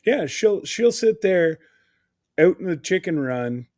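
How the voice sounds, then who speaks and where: A co-host chatting casually on a live stream in a relaxed, laid-back way. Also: mid-range voice, takes it slowly.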